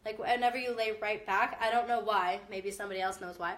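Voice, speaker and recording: A woman's voice: mid-range voice, fairly even intonation, fast talker, fairly bright tone, a little hiss or hum. A young woman, a mom with a chest cough, giving casual, upbeat motivational talk to her viewers with direct encouragement. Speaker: mom vlogger.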